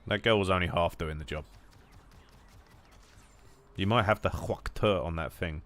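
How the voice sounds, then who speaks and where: A young English man chatting casually while gaming, jokey and rambling, with some swearing and bursts of loud mock shouting. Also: deep voice, measured pace. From England. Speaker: gaming streamer.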